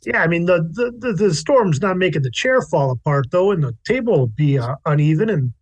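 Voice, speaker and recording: Male player, fairly high pitch, dry close mic, halting in-character talk. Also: lively intonation, no echo. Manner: hesitant, haggling, with restarts. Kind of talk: in-character tabletop role-play.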